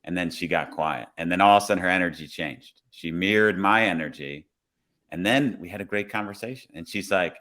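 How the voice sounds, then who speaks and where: Man, lowish voice, police officer, relaxed podcast storyteller who acts out his own lines. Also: a little fast.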